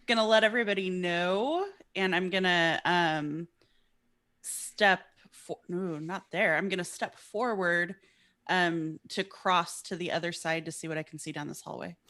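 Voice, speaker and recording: A woman with a fairly low voice plays a tabletop game. She talks casually and hesitantly, often stopping to ask the game master questions. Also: unhurried, fairly bright tone. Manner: chatty, hesitant, asks questions. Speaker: player.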